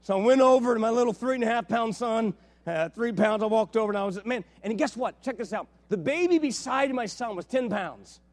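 High-voiced, animated male pastor preaching. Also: brisk. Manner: storytelling, animated, drops to a hushed tone. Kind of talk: sermon.

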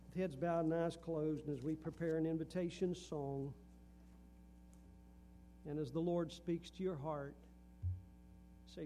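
A man's voice: fairly high pitch, steady tone, measured pace, long pauses, mellow, slight background noise. A middle-aged man preaching a sermon in a church, earnest, with a rising and falling preaching cadence. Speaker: pastor. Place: church sanctuary.

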